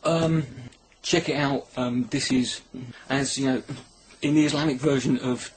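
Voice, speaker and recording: A man's voice: mid-range voice, fairly even intonation, a little slow, slight background noise. A man rambling through a crude, sarcastic comedy monologue, filming himself at home on his camera. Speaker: comedy vlogger. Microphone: camera mic.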